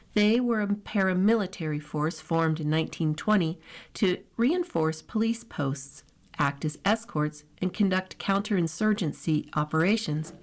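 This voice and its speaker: Woman reading newspaper opinion aloud. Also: lowish voice. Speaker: radio reading service volunteer reader.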